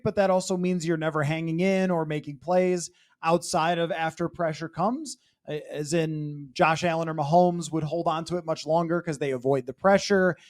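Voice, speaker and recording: Podcast host guy, kinda high voice, wry and chatty, throwing questions at the panel. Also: darkish tone. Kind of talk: casual podcast round table.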